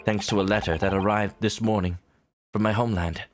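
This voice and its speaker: A man's voice: fairly low pitch, steady tone, brisk, soft background music, voice pushed down, lightly acted. A man voicing an earnest young male law student who speaks English with a light Japanese accent. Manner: earnest, formal.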